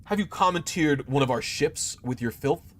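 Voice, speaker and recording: A cold, imperious alien starship captain, as a man puts him on in a tabletop game, speaking formally and with open contempt. The voice sits at an ordinary middle pitch, with a faint hiss of noise behind it. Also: moderate pace, close to an everyday voice. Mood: contemptuous. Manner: haughty, formal, condescending.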